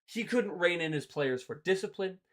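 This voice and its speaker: A young man hosts a hockey talk show and rants with open exasperation and sarcasm. His pitch swings widely as he mocks and scolds, and his delivery stays heated and animated. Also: moderate pace. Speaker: hockey podcast host. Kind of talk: ranting sports commentary.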